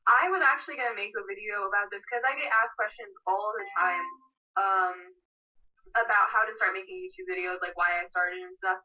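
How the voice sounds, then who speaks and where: A woman's voice: mid-range voice, brisk, pushed and bright. A woman in her late teens chatting casually on a livestream, reading viewers' questions aloud and giggling as she answers. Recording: muffled, slightly distant livestream audio.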